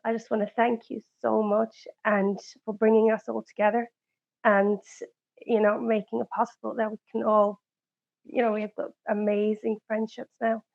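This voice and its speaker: A woman guest with a slightly high voice is close to tears and speaks haltingly, filling pauses with ums. Her audio sounds muffled and lo-fi. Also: little pitch movement, creaky.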